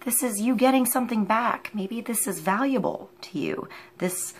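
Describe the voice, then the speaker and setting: A woman giving an unscripted tarot reading, musing and halting as she thinks aloud with many pauses. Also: a little high, breathy edge. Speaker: tarot reader.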